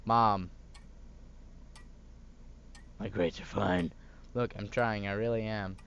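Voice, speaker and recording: A man's voice: lowish voice, steady tone, measured pace, a bit bright, clean tone, muffled recording, voice pushed down. A man reading the lines of a defensive, frustrated teenage son in a story game. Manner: defensive, exasperated. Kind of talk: reading game dialogue aloud.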